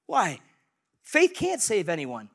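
A man preaching a sermon as pastor, animated and conversational, acting out quoted voices. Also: high voice, takes it slowly.

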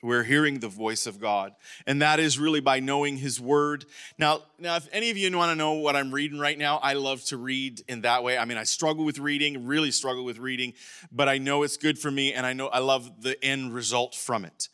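A middle-aged man, a pastor, preaching a lively sermon and calling out to his congregation. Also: medium pitch, brisk, smooth. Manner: animated preaching, calls out to congregation.

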